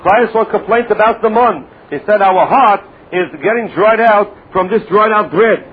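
A man with a fairly high voice gives a Talmud class, quoting Hebrew verses and translating them, repeating himself as he works through each point. The sound is thin and phone-like. A faint hiss sits under his voice. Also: moderate pace. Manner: quotes Hebrew verses then translates them, repeats words while thinking. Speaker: Torah teacher.

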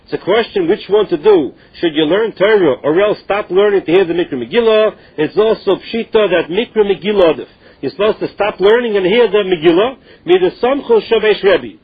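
A man's voice: sits high, brisk, breathy edge. A man teaching a Talmud lesson, reading each phrase and then explaining it in plain English. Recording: tinny phone-line recording.

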